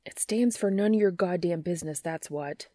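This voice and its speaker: A woman voicing a gruff, sardonic young man in a read-aloud story. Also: fairly low pitch, moderate pace, warm tone, dry recording, studio quality, natural voice. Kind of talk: fan fiction audiobook reading.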